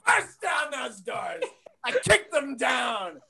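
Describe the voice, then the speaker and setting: Young stand-up comic, gravelly voice, slow deliberate delivery, swings loud and grand. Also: male voice, very high voice, sing-song, heavy background noise. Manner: theatrical, mock-grandiose, bursts into shouting. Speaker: stand-up comedian. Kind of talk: stand-up comedy set.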